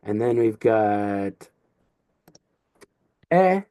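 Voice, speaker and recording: Playful, animated male Greek teacher. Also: medium pitch, normal speed, dry recording, clean studio sound. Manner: playful, jokey explaining with sung-out sample sounds. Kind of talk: recorded video lesson.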